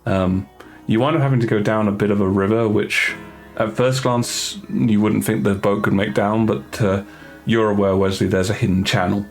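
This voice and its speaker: Man, game master, low voice, rambling hesitant narration, faint background music. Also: fairly even intonation, normal speed, hardly any pauses. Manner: rambling, hesitant with many fillers.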